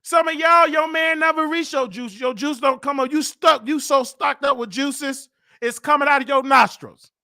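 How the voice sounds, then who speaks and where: A man with a Southern US accent hosting a comedic live-stream rant, loud and teasing, breaking into laughs and mock voices. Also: extremely high pitch, normal speed. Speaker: host.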